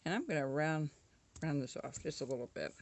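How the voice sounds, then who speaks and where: A woman's voice: deep voice, brisk, very noisy. A woman casually talking through a woodcarving tutorial at home, chatty and often correcting herself. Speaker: woodcarving instructor.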